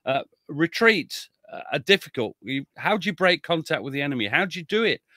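A man with a bright, forceful voice speaks as a guest historian in a relaxed interview. He talks loosely, restarting his sentences and chuckling at his own blunt asides, and the sound is dry and close. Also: a little high, a little fast, no room sound. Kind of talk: casual conversational interview.

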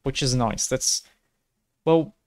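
Low-key man rambling over gameplay. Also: takes it slowly, darkish tone. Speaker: let's play host. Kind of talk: casual gameplay commentary.

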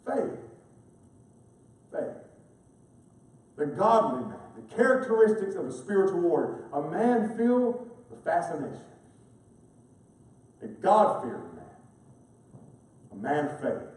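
A male pastor preaches with fervor, building his story to loud, emphatic peaks. His voice is a little high but mellow in tone. He is picked up from a distance and rings through a large, echoing chapel. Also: very animated, unhurried, pauses often. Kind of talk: sermon. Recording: echoey chapel, voice from far off.

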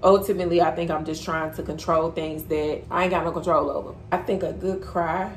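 A woman's voice: deep voice, fairly even intonation, brisk. A young woman vlogging at home, talking candidly and chattily to her viewers in a slangy, casual way. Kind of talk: casual chat to camera. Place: bedroom floor at home.

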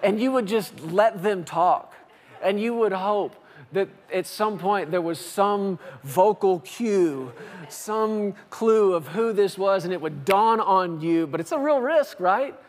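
A man's voice: high voice, animated, slow. A man in his thirties preaching a sermon as pastor of a church, telling stories and acting out phone calls with playful, exaggerated voices. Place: church sanctuary.

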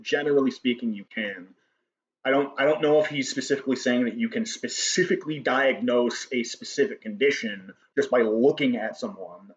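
A man hosting a response video, talking in a sarcastic, dismissive way and swearing now and then. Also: mid-range voice. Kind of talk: casual commentary on a clip. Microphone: cheap microphone. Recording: lo-fi microphone.

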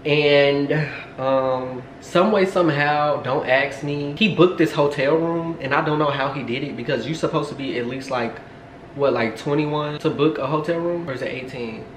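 Young man, chatty rambling storyteller, slightly high voice, echoey room with faint hum. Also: normal speed. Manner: animated, rambling, many fillers and asides. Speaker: storytime vlogger. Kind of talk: casual storytelling to camera.

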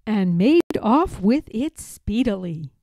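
Woman reading a rhyming kids book, slow and mellow, dry close sound. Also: medium pitch, very animated, no echo. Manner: rhythmic, rhyming delivery. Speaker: storybook reader. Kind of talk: children's read-aloud.

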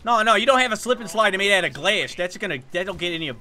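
A man's voice: high voice, lively intonation, fast talker, bright, forceful tone, full character voice. A man putting on the voice of Scout, a cocky young shooter-game runner, bragging and rambling in game voice chat. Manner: boastful, rambling, goofy. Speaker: streamer.

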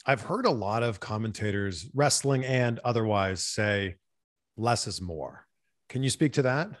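A man's voice: on the low side, lively intonation, unhurried, no echo, studio quality. A man hosting an interview, asking curious, enthusiastic questions. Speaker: interview host.

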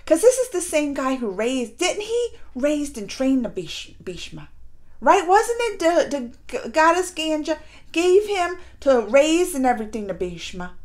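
A woman, excitedly recapping a TV episode and acting out the characters' lines. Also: high-pitched. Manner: chatty, animated retelling with exaggerated quoted voices. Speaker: reaction video host.

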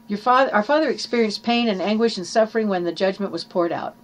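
A woman's voice: mid-range voice, quick pace, hardly any pauses. A woman preaching a sermon in an earnest teaching manner, reading scripture aloud and explaining it.

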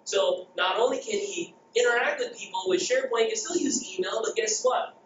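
A middle-aged man from the Philippines giving a jokey, energetic conference talk and asking the crowd questions. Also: high voice, a little fast, a little hiss or hum. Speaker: conference speaker. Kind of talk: keynote presentation. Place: conference hall. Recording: echoey dull hall recording.

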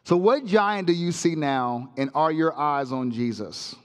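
High, lively pastor telling a story. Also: male voice, measured pace, clear, resonant tone, in a large hall. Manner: animated, comic storytelling with sound effects. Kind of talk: sermon with personal story. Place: church sanctuary.

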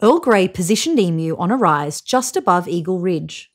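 A woman reading a children's picture book aloud in an expressive storytelling manner. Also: on the low side, moderate pace. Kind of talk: read-aloud storybook narration.

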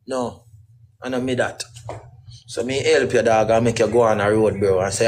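A man's voice: fairly low pitch, level tone, moderate pace, pauses often, darkish tone, poor audio. A middle-aged man, guest in a casual interview, talking in rambling, emphatic patois.

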